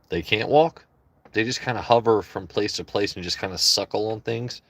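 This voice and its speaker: Low-voiced man rambling to his stream chat. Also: moderate pace, fairly bright tone, dry recording. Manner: loose, joking, rambling asides to chat. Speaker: livestream host. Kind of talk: casual livestream chat.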